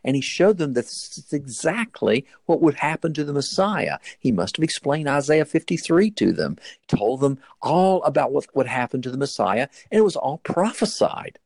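A man's voice: on the high side, very animated, normal speed, vocal fry, darkish tone, no room sound. A man preaching, retelling a Bible story as an earnest storyteller whose voice climbs sharply at dramatic moments. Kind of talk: sermon-style Bible storytelling.

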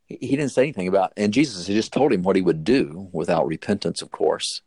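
A man with a low, gravelly voice retells a scripture story in a sermon. He tells it earnestly, and his pitch jumps high whenever the story turns dramatic. The sound is close and dry, with no room echo. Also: fast talker, darkish tone. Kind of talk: sermon-style Bible storytelling.

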